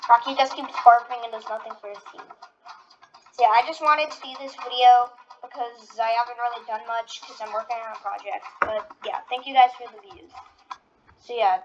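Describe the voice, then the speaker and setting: A woman's voice: fairly high pitch, fairly even intonation, a little fast, lo-fi sound, over music. A woman giving casual reaction-video commentary, rambling with lots of fillers. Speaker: video creator.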